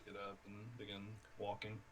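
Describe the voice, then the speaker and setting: A man's voice: on the low side, completely flat delivery, moderate pace, a little hiss or hum. A male player in a casual tabletop role-play, wry in tone.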